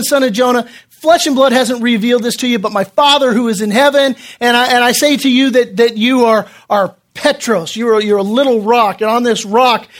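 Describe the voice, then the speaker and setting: A man's voice: very high-pitched, a bit bright. Man preaching a casual, conversational sermon. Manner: conversational preaching with frequent restarts, acting out quoted voices. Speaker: pastor. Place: church room with congregation.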